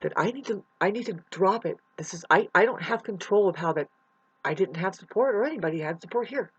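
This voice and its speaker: A vlogger talking in a rambling, unscripted monologue, full of restarts, swinging between mumbling and loud outbursts into a computer mic. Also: medium pitch, lively intonation, fairly quick, breathy edge, no echo, highs cut off.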